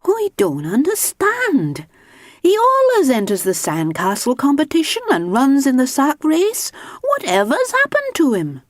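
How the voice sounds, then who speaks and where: A woman's voice: high voice, huge pitch swings, unhurried, no echo, studio quality, pitched above the performer's own voice, heavily acted. A woman voicing a fussy, fretful elderly wife with a fluttery, exclaiming manner. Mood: worried.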